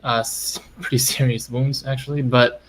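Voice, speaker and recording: A man's voice: medium pitch, level tone, normal speed, fairly bright tone, a little hiss or hum, rough recording. A man playing a tabletop game, chatting casually as he describes his character's actions. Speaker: player.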